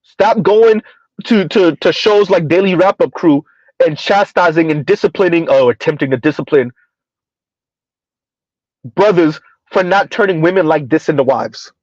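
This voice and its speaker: Sarcastic high-voiced Southern man commentating. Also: moderate pace, dry recording, muffled recording. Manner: sarcastic, mocking, emphatic. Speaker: commentary streamer. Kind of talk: reaction commentary to live chat.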